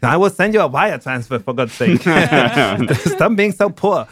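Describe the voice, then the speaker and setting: A man's voice: mid-range voice, lively intonation, a little slow, fairly bright tone, husky, no room sound, clean studio sound. A man putting on an impression of a haughty, dismissive rich young woman, drawling his words. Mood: mocking.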